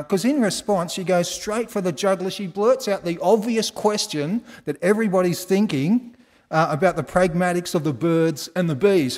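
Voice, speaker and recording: A man's voice: on the high side, big-room sound. A man with an Australian accent preaching a conversational sermon, quizzing the congregation with folksy asides. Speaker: pastor. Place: large church hall.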